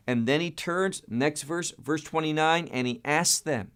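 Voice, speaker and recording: A man's voice: medium pitch, moderate pace, hardly any pauses, smooth. A man teaching a Bible study, emphatic and stressing key words, with frequent repeats and restarts.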